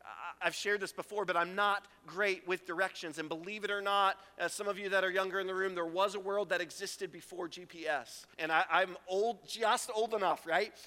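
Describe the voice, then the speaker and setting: A middle-aged man preaching a sermon as pastor, animated, acting out quotes and laughing often. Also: sits high, moderate pace, few pauses. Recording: reverberant hall.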